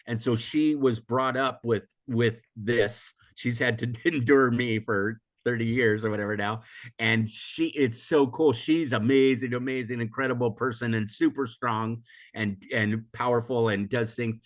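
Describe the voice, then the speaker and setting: An older man from the USA, a guest in an interview, talking in a rambling, reflective way with frequent restarts and laughter, still hoarse from a recent illness. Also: medium pitch, steady tone, measured pace. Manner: rambling, self-correcting, laughs often. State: recovering from illness, coughing. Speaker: interview guest, emotional intelligence teacher. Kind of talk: casual reflective interview talk.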